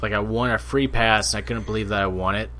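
A young man co-hosting a podcast, telling stories in casual chat, animated and profane. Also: on the low side, fast. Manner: animated, profane, acts out quotes in a loud snarl. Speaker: podcast co-host.

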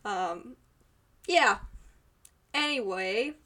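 Slow-talking woman podcast co-host. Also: mid-range voice, lively intonation, bright, forceful tone. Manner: rambling, many restarts and fillers, giggly. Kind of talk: casual chat.

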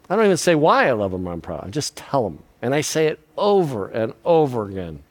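An older man giving a sermon on parenting, sappy and self-deprecating, moving between loud emphasis and hushed lines. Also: mid-range voice, sing-song, brisk, few pauses. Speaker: guest speaker on parenting.

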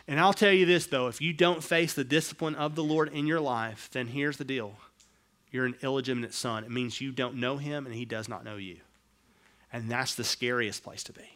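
In this sermon, a middle-aged male pastor shifts between quiet, low-pitched asides and passages delivered with raised, emphatic force.

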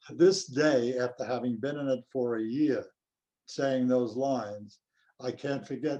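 An older male actor reminiscing in an interview, telling anecdotes in an unhurried way. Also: medium pitch, warm tone, highs cut off. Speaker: actor guest.

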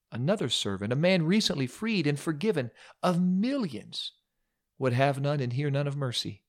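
A man preaching a sermon, retelling a story dramatically with humorous asides. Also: medium pitch.

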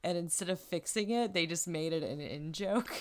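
A woman co-hosting a casual podcast in a slightly low voice. She is wry, laughs often, and reads summaries in a conversational way. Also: normal speed. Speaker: podcast co-host.

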